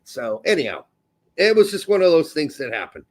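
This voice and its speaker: High-pitched podcast guy rambling through a golf story, cussing, lively. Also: brisk. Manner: animated, profane, jumps into high voices. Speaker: podcast host. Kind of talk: casual storytelling chat.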